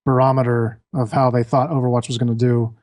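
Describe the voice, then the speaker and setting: A man guesting on a gaming podcast, talking in a relaxed way with many restarts. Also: mid-range voice, brisk. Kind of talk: casual gaming chat.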